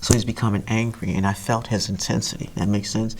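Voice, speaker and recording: A woman telling a dramatic true story, acting it out with loud sound effects and checking in with "that makes sense?". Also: very deep voice, flat delivery, fast, noisy background. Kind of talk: animated story time.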